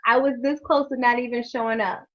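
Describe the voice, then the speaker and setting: A woman's voice: on the high side, steady tone, brisk, highs cut off. A woman hosting an interview, talking frankly and emotionally, with some salty language. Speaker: host. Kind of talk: candid conversational interview.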